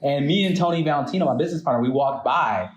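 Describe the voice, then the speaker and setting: A man co-hosting a podcast, speaking in a relaxed, reflective way in casual chat. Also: fairly high pitch, quick pace. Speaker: podcast co-host. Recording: roomy echo.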